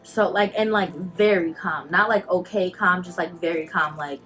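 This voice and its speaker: Young woman, low pitch, casual storytelling vlog, emotional, fighting back tears, faint music underneath. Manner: emotional, quick and animated, many "like" fillers. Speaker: vlogger.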